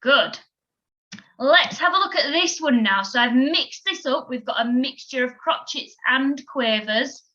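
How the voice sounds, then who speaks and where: A woman's voice: high-pitched, lively intonation, measured pace, bright, forceful tone. A woman teaching a children's music lesson on video, patient and encouraging as she counts the pupils in. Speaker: primary school music teacher. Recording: slightly dull lo-fi recording.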